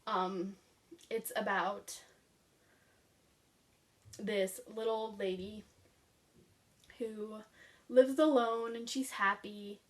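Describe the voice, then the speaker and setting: Rambling woman vlogger heard from afar. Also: medium pitch. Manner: rambling, filler-heavy, enthusiastic. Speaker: book vlogger. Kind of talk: casual book review chat. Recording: voice picked up from a distance.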